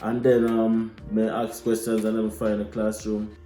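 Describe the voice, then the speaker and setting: A young Jamaican man telling a lively, casual story, slipping into patois. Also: on the low side, measured pace. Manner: animated, mixes patois into his telling. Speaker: vlogger. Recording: echoey room with light music.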